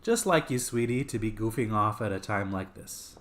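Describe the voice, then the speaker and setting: A man's voice: lowish voice, animated, normal speed, a bit bright. A man voicing a stubborn, suspicious survivor who is in denial, reading lines from a game script. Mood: scolding.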